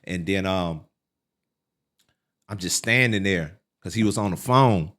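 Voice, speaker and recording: A middle-aged man, a podcast guest, telling his life story in a casual, animated way, full of fillers like "man" and "like". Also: unhurried. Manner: relives quotes with sharp pitch leaps.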